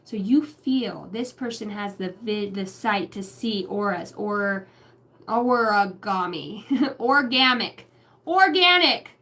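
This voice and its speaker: A woman's voice: mid-range voice, slow. A woman giving a channeled tarot reading, rambling through names and numbers and swearing casually. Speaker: psychic reader.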